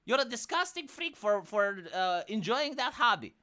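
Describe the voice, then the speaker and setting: A woman's voice: on the high side, moderate pace. A woman with a Romanian accent, ranting in casual, profane commentary on a live stream. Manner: profane, exasperated, animated.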